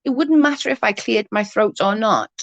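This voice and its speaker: Hoarse, husky woman with a cold. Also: mid-range voice, lively intonation, moderate pace, no echo. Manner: blunt, swears freely, vents about double standards. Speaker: livestream host. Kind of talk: casual live chat reading comments.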